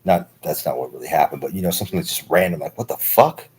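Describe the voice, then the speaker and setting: Man, 30s, stream host. Low, husky, loose profane monologue. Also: rapid-fire, poor audio. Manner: profane, rambling, heavy use of filler words. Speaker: livestream host. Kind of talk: rambling monologue.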